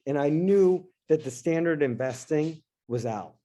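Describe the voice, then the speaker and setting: A middle-aged man, a guest in an interview, telling a personal story in an animated, casual way and acting out his own past lines. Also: on the high side, unhurried. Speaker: interview guest, dentist and investor.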